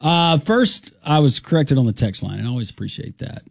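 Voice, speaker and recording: A man's voice: mid-range voice, expressive, a little fast, vocal fry, breathy edge, no room sound, studio quality. A man hosting a radio talk show, trading easygoing, wry banter with his co-host and callers.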